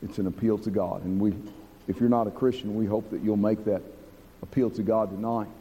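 Earnest preacher guy, highish mellow voice, long church hall reverb. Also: fairly even intonation, slightly rough. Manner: earnest, slows and drops low for emphasis. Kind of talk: sermon.

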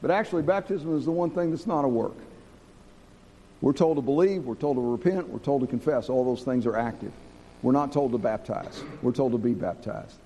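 A man preaching a sermon to a congregation, earnest, slowing down and dropping low to stress key points. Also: dark tone, big-room sound, slight background noise. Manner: earnest, slows and drops low for emphasis.

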